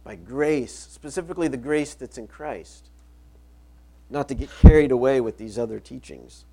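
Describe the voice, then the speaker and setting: A middle-aged man delivers a sermon as a pastor, reading scripture aloud and repeating key phrases to drive them home. His voice has a gravelly edge and a dark, mellow tone. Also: medium pitch, lively intonation, normal speed.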